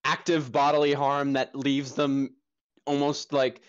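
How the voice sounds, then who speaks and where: A man's voice: mid-range voice, little pitch movement, a little slow, clean tone, highs cut off. Rambling young man on a film podcast. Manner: rambling, filler-heavy, profane, enthusiastic. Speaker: podcast co-host, film reviewer. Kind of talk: casual film discussion.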